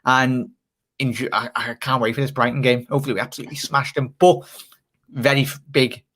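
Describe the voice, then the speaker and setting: A man hosts a relaxed live stream. He chats casually and reads fan comments aloud, laughing easily and calling viewers "mate". His voice sits at a middle pitch. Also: fairly quick. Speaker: channel host.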